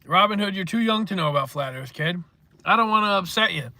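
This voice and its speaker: A man's voice: sits high, animated, fairly quick, sharp tone, no echo. Profane rambling man on a livestream. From northeastern United States. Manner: profane, rambling, answers chat comments. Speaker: livestream host. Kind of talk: casual livestream chat.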